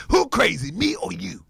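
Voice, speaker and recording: Gravelly, excitable man hosting a livestream. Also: high-pitched, no room sound. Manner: laughing, mocking, excitable. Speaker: host. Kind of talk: commentary livestream.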